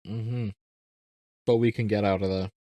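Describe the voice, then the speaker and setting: A man with a somewhat low voice chats on a podcast. He banters and pokes fun at himself. The sound is close and dry. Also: fairly even intonation, unhurried, mellow, no echo. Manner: laughing, self-deprecating banter. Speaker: podcast co-host. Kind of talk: casual chat.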